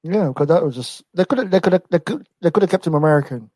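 Relaxed young man, mellow voice. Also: fairly high pitch, quick pace, dry recording, rough recording. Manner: relaxed, rambling, laughs often. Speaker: wrestling podcast co-host. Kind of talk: casual chat.

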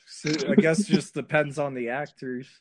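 A man hosting a podcast in casual chat, agreeable and quick to laugh loudly. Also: a little high, fairly even intonation, a little hiss or hum. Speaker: podcast host.

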